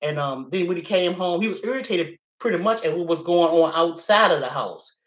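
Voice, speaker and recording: A woman telling a personal story in a casual, animated and profane way, chatting straight to her viewers. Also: lowish voice, brisk. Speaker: livestream host. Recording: roomy echo.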